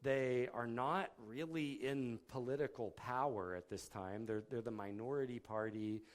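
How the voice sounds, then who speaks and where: A man preaching to a congregation in an easygoing, conversational way. He stumbles and restarts now and then, and he slips into quick voiced quotes of the people in the story. His pitch sits at an ordinary middle level. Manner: conversational, with filler words and restarts, acting out quotes. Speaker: pastor. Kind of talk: sermon.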